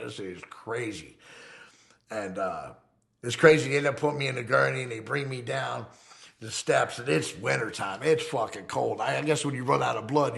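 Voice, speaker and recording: Here the man's voice sits at medium pitch, creaky and fairly bright. Interviewed for a documentary beside a fire, he spins a wild story from his younger days, using casual, cursing street talk and checking in with "right?" again and again.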